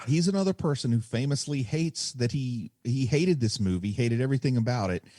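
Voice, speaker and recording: A man's voice: mid-range voice, expressive, fairly quick, mellow, no echo, studio quality. Chatty man sharing movie trivia. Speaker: podcast co-host. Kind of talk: casual movie podcast chat.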